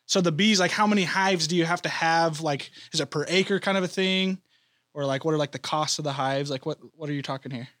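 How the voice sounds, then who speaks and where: High, quick male co-host, filler-heavy questions. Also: fairly bright tone, dry recording, clean studio sound. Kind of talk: casual chat.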